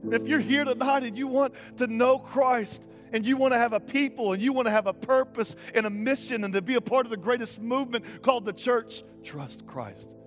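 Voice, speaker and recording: A young man preaching a sermon as pastor, impassioned and urgent, moving between loud calls and quiet intensity, with casual slang mixed into his preaching. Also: very high-pitched, fairly even intonation, brisk, few pauses, faint music behind.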